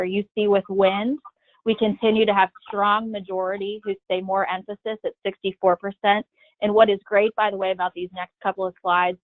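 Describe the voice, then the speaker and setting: A woman's voice: mid-range voice, no echo. A woman presenting survey results in a webinar, walking steadily through each slide. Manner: steady, methodical walkthrough of slides. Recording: tinny phone-line audio, dry.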